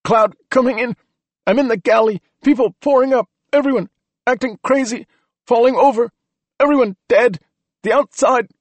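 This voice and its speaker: A man's voice: very high voice, normal speed, no room sound, voice pushed up. A man voicing a panicked, wheezing man gasping clipped phrases over a radio. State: out of breath, wheezing.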